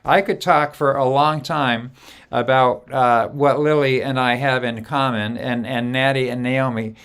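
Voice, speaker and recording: A man hosts a live online song gathering, his voice smooth and resonant at an ordinary pitch. He talks casually over a video call, greeting viewers one by one, with frequent hesitations. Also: steady tone, unhurried, a bit bright. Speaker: host.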